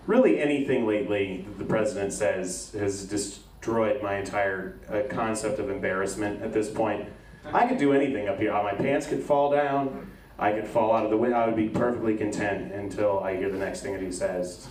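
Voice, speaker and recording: In front of a live audience at a comedy club, an American man does stand-up, telling dry, self-deprecating stories full of quoted exchanges. His low, slightly mellow voice moves briskly, with roomy club sound from a distant mic and slight background noise.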